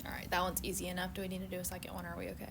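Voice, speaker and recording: A woman's voice: fairly low pitch, monotone, rapid-fire, gravelly, noisy background. A woman teaching a math class, talking casually with students and saying "like" a lot. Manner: chatty, fillers of "like", laughs often.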